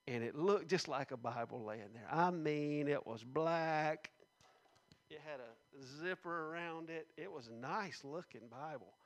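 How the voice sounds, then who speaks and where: A middle-aged man with a slightly raised pitch shares a personal testimony with a gathering indoors. He tells it in an earnest storytelling manner. At the weightiest parts his voice sinks soft and low. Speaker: speaker giving a personal testimony.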